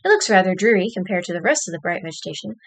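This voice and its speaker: A woman's voice: lowish voice, expressive, rapid-fire. A woman streamer reading an interactive story aloud, dropping wry, dry asides between passages.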